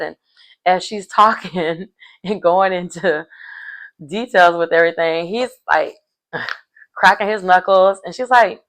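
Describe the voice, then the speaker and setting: A woman's voice: fairly low pitch, measured pace, creaky, fairly bright tone. A woman recapping a reality show in a rambling, chatty way, full of fillers. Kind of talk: casual recap chat.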